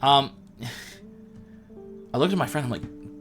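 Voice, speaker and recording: A man chats casually to his livestream audience in a playful, self-mocking way. His voice sits at an ordinary middle pitch. Soft music plays faintly in the background. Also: lively intonation, slow, long pauses. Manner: chatty and playful, with self-deprecating asides. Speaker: livestream host.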